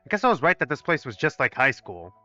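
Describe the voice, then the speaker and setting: Young male streamer, bright and lively, swears a lot, reads and reacts; dry, slightly dull mic. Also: medium pitch, fast talker, dry recording, soft background music. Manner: animated, profane, talks to chat. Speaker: gaming streamer. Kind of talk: live let's play, reading aloud and commenting.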